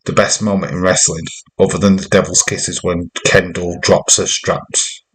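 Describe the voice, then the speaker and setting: A man's voice: sits low, level tone, moderate pace, a bit bright, low-quality recording. A man giving rambling, jokey running commentary while hosting a live wrestling watch-along stream.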